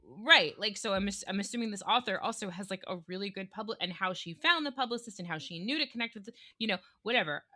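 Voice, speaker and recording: A woman's voice: medium pitch, lively intonation, fast talker, few pauses, pushed and bright. A woman with a Long Island accent, co-hosting a casual podcast chat about books and hedging her points with lots of fillers. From Northeastern US. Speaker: podcast co-host.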